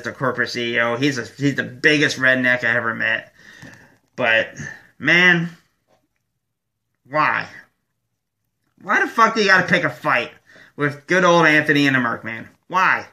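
A man from Michigan hosts his own show in an angry, profane rant. His voice is forceful and bright, a little higher than most men's. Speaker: show host. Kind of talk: ranting vlog monologue.

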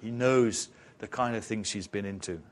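A man's voice: fairly low pitch, normal speed. A man preaching an expository sermon in church, retelling a story in a conversational way with rhetorical questions.

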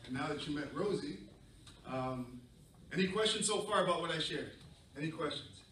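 Animated storyteller guy, bright voice, lots of um's, echoey room heard from far off. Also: on the high side, moderate pace, slight background noise. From southern New England. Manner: animated, playful, many fillers. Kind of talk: live storytelling to children. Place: library event room.

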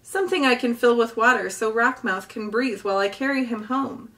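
A woman voicing a calm, helpful female robot in a storybook reading, speaking politely and evenly. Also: a little high, fairly quick, recorded from a distance.

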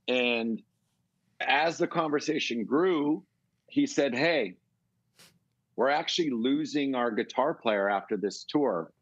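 A middle-aged man from California, telling a long, animated story as a guest in a casual interview. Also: medium pitch, no room sound, dull audio. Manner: rambling, animated storytelling with swearing. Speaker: guest musician.

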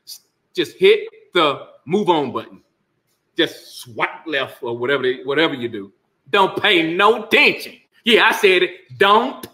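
A man's voice: high-pitched, pushed and bright. A man hosting a casual sports talk rant, emphatic and sarcastic with laughing asides. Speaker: sports commentary host.

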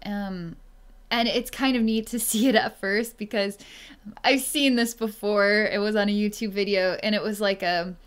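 A woman psychic speaks slowly and hesitantly, pausing often as she tunes in. Her voice is smooth and clear, and it stays soft and quiet as she works through the reading. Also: medium pitch, steady tone. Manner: slow, hesitant speech with many pauses and fillers; soft and quiet when tuned in. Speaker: psychic energy healer. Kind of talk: solo reading monologue to camera.

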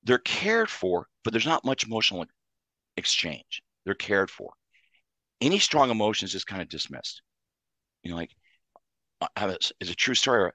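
Earnest therapist type, deep-ish voice, dry studio sound, walks through ideas in lists. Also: male voice, very animated, moderate pace, pauses often, sharp tone, no echo. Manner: earnest, explains in numbered lists. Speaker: psychologist and author. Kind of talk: interview answers.

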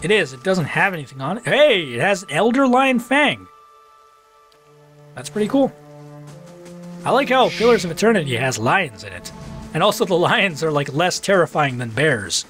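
A man giving casual let's-play commentary. He is excitable, swears casually, and talks back to the game as he plays. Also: high-pitched, normal speed, pauses often, soft background music.

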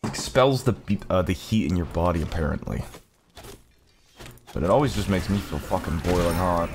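A man casually commentating his own gameplay, cursing and joking, often breaking into high-pitched yelling. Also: moderate pace, background noise. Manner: profane, jokey, bursts into high-pitched yelling. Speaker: gaming YouTuber.

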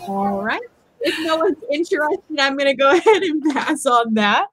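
High-voiced woman selling jewelry live. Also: lively intonation, no echo, rough recording. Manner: chatty, describes pieces slowly. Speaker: live auction seller. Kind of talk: casual live-stream selling.

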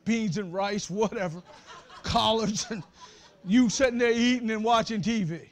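A man preaching a sermon as pastor, talking straight to his congregation with humor and breaking into shouts at the high points. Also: normal speed. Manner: conversational, addresses the congregation directly.

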